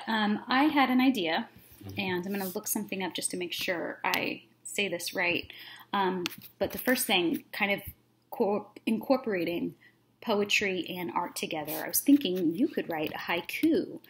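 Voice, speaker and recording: A woman teacher reading a children's book aloud, then talking through a lesson in a friendly, relaxed way with plenty of fillers. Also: medium pitch, normal speed, slight background noise.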